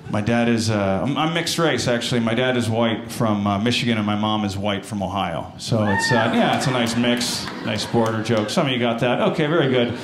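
An American man doing a stand-up comedy set, telling self-deprecating stories with lively jumps in pitch. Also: brisk, few pauses. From United States. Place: comedy stage with live audience. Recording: roomy stage sound, audience noise.

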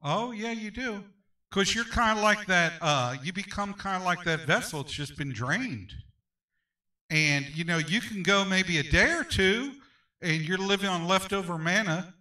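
A man's voice: a little high, lively intonation, moderate pace, bright, forceful tone, far from the mic, low-quality recording. A male pastor teaching a Sunday school class, emphatic and repetitive, often asking for an amen. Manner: emphatic, repeats phrases, calls for amens.

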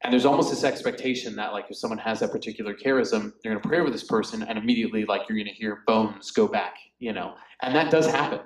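A man's voice: lowish voice, fast, few pauses. A man leading a Bible study in a loose, chatty way, full of fillers and asides. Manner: chatty, filler-heavy, often laughs. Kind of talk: casual Bible study teaching. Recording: echoey room.

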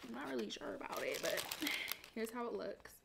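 A woman's voice: on the high side, very animated, fairly quick, vocal fry, noisy background. A young woman talking casually to her viewers in a vlog, chatty and playful, often calling them y'all. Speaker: lifestyle vlogger. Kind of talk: casual vlog chat to camera.

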